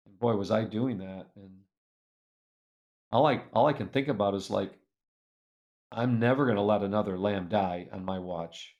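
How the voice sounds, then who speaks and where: A man telling a personal story as an interview guest, lively and earnest, acting out the people in it. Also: fairly low pitch, moderate pace, long pauses. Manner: animated storyteller who acts out the people in his tale; earnest and reflective. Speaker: guest speaker.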